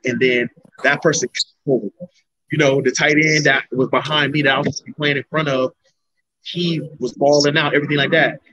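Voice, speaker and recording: A man's voice: mid-range voice, fairly bright tone, husky. A young man from Florida, an MMA fighter telling his story in a rambling, casual interview. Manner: rambling, restarts sentences often. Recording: dull lo-fi recording.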